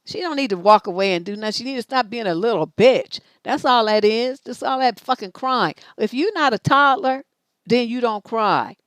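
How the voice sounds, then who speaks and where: A middle-aged woman with a slightly high voice speaks at normal speed, hosting relationship advice on a live stream. She enacts both sides of the dialogues in a blunt, profane, scolding way, with no room sound.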